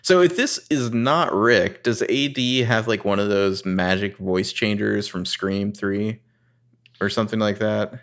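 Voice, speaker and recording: A man's voice: fairly low pitch, unhurried, a bit bright. A man co-hosting a casual podcast, recapping a TV episode and swearing freely. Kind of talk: casual chat.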